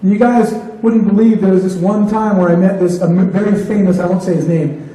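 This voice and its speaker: A man's voice: high-pitched, fairly even intonation, brisk, mellow. A man giving a motivational talk to an audience, retelling conversations as dialogue. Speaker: keynote speaker. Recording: echoey hall from far off.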